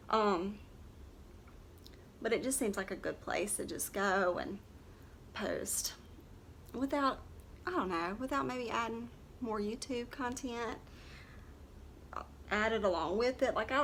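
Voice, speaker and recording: Doing her makeup for the camera, a nurse who also vlogs about makeup talks in a loose, rambling, no-nonsense way. Her voice is mid-range and a bit bright, with slight hiss or hum in the background.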